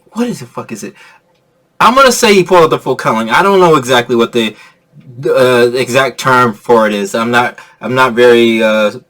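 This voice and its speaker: A man giving a casual, excitable movie review rant, laughing often and swearing freely. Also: mid-range voice.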